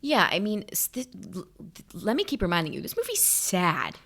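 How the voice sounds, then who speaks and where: A woman's voice: mid-range voice, huge pitch swings, normal speed, a bit bright. A woman in her thirties co-hosting a podcast, chatty and jokey, laughing often. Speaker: podcast co-host. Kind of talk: casual chat.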